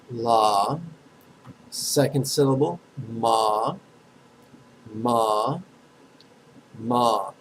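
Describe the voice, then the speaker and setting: A man's voice: medium pitch, darkish tone, slight background noise, poor audio. Blunt male meditation teacher. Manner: direct and blunt, drawing out syllables slowly for repetition. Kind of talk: guided meditation lesson with call-and-response chanting.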